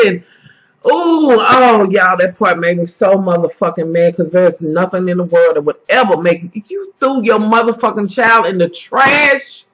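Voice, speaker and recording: A woman vlogger with a fairly high, slightly bright voice recaps an episode of a TV series, addressing her viewers as "y'all." She is casual, heavily profane and indignant, and the lo-fi recording sounds dull.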